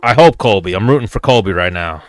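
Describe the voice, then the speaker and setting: A man's voice: lowish voice, lively intonation, quick pace, no room sound. A man hosting a casual fight watch-along, chatting loosely with viewers in a rambling, profane way. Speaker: host.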